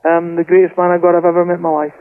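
Over the phone comes a high-pitched male voice from Scotland, racing along in a completely flat delivery. The guest preacher tells his family's testimony with fervour and keeps repeating words in this impassioned account.

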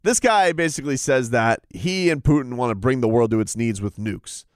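A man at medium pitch gives casual fight sports commentary and keeps restarting his sentences. The sound is dry and close, with no room echo. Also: moderate pace. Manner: rambling, repetitive restarts. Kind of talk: casual chat.

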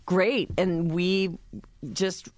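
A woman's voice: on the low side, fairly even intonation, drawn-out words, a little mellow, no echo. A woman chatting casually with friends, rambling with many fillers as she tells about a party she hosted. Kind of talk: casual chat among friends.

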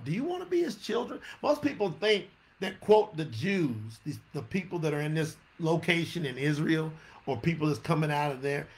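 A man teaches a sermon. He talks in an animated, conversational way, often stopping to ask his listeners questions. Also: fairly high pitch, vocal fry. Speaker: preacher.

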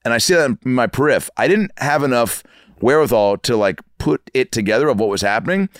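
A man in his thirties telling comic stories as a podcast guest, animated and acting out the people in them. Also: medium pitch, fairly quick, dry recording, clean studio sound. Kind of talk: comic storytelling. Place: podcast studio.

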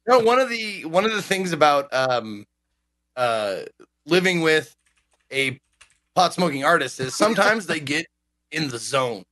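Bright rambling man, casual co-host. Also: on the high side, big pitch swings, unhurried, pauses often. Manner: rambling, many restarts and fillers. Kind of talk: casual podcast chat.

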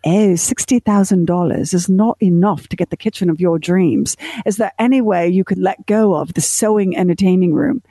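A woman's voice: fairly low pitch, moderate pace, hardly any pauses, mellow, breathy edge, dry recording, clean studio sound. A woman doing a mock-polite impression of a female TV home designer with a British accent.

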